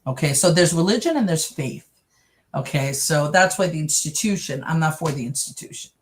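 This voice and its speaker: This interview guest is a middle-aged woman from New York whose voice sits low and whose pace is brisk. Animated throughout, she brings her story to life by performing the other characters' voices.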